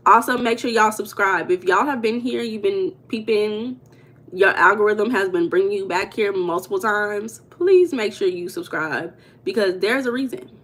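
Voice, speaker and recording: A woman's voice: mid-range voice, moderate pace, fairly bright tone. A woman hosting a casual livestream, chatting straight to her viewers and repeating herself as she goes. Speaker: livestream host.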